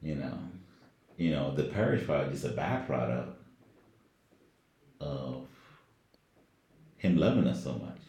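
This speaker's voice rumbles low and mellow with a sing-song lilt, his pace measured and often paused. He's musing on scripture in a casual Bible study, rambling and filler-heavy, recorded in an echoey room with faint noise.

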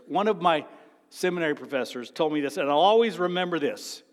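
A man preaching a sermon as pastor, dramatic, swinging from a near-whisper to loud exclaiming. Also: fairly high pitch, lively intonation, normal speed, long reverb tail. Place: church sanctuary.

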